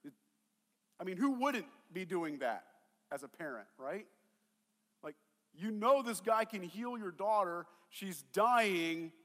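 High-voiced man preaching in an echoing hall. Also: slow pace, pauses often. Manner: conversational and animated, acting out voices of the story. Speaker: pastor. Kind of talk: sermon.

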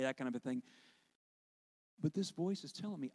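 A worship leader preaching with lively, conversational storytelling. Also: male voice, medium pitch, a little fast, long pauses, husky. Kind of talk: sermon storytelling.

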